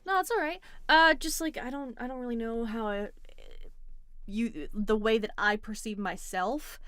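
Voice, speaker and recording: A woman hosting a casual call-in debate, relaxed and wry, with a dry sense of humor. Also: fairly high pitch, normal speed, smooth, no echo. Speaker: host.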